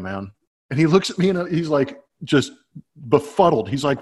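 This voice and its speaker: Animated man telling a ballgame story. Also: mid-range voice, a little fast. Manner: animated, laughing, acts out quotes. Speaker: podcast co-host, former ballplayer. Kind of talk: casual storytelling chat. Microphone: webcam.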